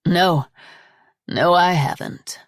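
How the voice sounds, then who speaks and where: A woman voicing a defiant, quick-tempered man who blusters and threatens. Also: lowish voice, steady tone, no room sound, studio quality. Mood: defensive.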